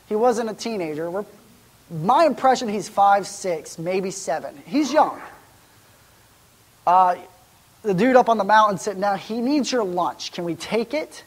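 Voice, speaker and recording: A medium-pitched pastor preaches a sermon in church, keeping it conversational by wondering aloud and asking rhetorical questions.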